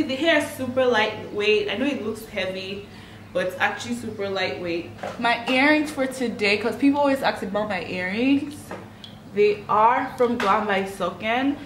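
A woman's voice: mid-range voice, a little hiss or hum. A woman makeup vlogger chatting casually and upbeat to camera, dropping frequent "like" fillers. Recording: echoey room.

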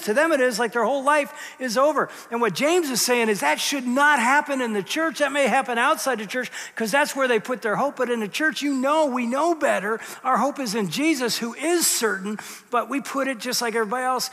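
A man preaching in a church with a high, bright, forceful voice. He talks conversationally and shifts between quiet, hushed asides and loud, emphatic lines. His voice carries a long reverb off the sanctuary. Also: fairly quick. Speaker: pastor. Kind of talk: sermon.

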